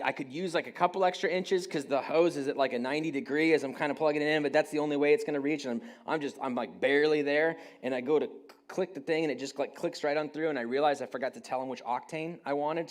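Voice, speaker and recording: Self-deprecating man telling a sermon story. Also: on the high side. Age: 30s. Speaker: pastor.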